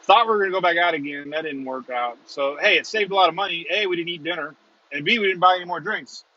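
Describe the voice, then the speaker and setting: A man's voice: a little high, fast talker, sharp tone, muffled recording. A man hosting a storm-chasing livestream, rambling and chuckling as he chats casually from a moving car. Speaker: storm chaser, stream host. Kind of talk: casual live chat while driving.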